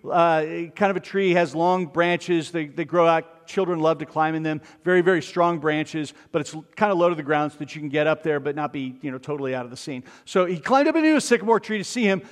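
A man preaching a sermon, retelling a story with lively asides to the congregation. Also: fairly high pitch, fairly quick, hardly any pauses, in a large hall.

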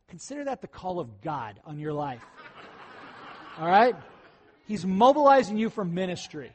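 A middle-aged male pastor preaching a conversational sermon, often clearing his throat and rising into excited bursts. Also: high voice, moderate pace.

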